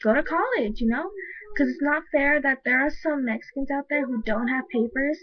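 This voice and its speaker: A woman's voice: high-pitched, moderate pace, no echo. A woman from the United States ranting emphatically to camera in a casual vlog, filling her talk with "like" as she argues her point. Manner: says "like" constantly, heated and emphatic. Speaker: vlogger. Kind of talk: casual opinion rant to camera. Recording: dull lo-fi webcam audio, dry.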